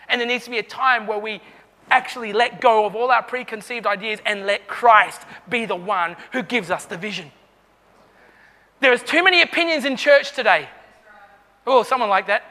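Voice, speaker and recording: A man preaches with fervour, calling out to his congregation. His voice sits very high and sounds bright and forceful. A long reverb trails his words around the church hall. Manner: fervent, calls out to the congregation. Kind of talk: sermon.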